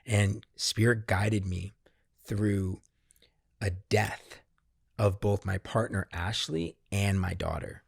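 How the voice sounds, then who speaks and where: A man, a podcast guest, candidly recounting a personal experience in casual, profanity-laced talk that grows animated when he quotes himself. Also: fairly low pitch, takes it slowly, creaky, breathy edge, no echo, clean studio sound. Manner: swears freely, animated when quoting himself. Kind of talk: candid conversational storytelling.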